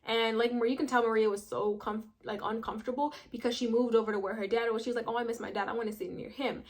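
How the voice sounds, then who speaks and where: A woman's voice: fairly high pitch, steady tone, quick pace. Chatty young woman recapping a show. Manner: chatty, slangy, acts out quotes. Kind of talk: casual recap commentary.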